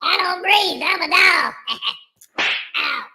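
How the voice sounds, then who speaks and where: Shrill raspy little voodoo doll voice, cheeky scumbag, sings his jokes. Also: slow, bright, forceful tone, full character voice. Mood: rowdy. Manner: rowdy, sing-song, joking.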